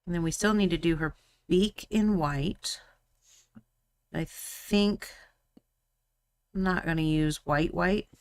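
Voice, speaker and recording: A woman's voice: lowish voice, takes it slowly, long pauses, darkish tone, no room sound. A young woman hosting a live miniature-painting stream, chatting casually and teasing her co-host while she paints. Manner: chatty, teasing, laughs often.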